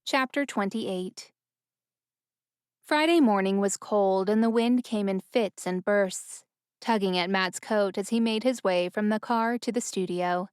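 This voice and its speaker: Smooth-voiced woman narrating an audiobook. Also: medium pitch, unhurried, darkish tone, no room sound, studio quality.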